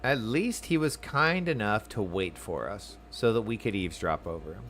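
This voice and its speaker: A man's voice: on the low side, animated, moderate pace, a bit bright, a little hiss or hum. A man giving casual, playful commentary while playing a video game. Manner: playful, chatty. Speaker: gameplay host.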